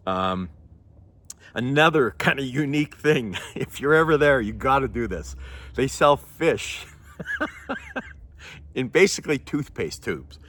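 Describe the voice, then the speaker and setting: Norwegian-born guy vlogging, kinda low voice, laughs a lot, throat a bit scratchy. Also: fairly bright tone. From Norway. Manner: chatty, laughs often, self-correcting. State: throat trouble, clears throat. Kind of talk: casual talk to camera.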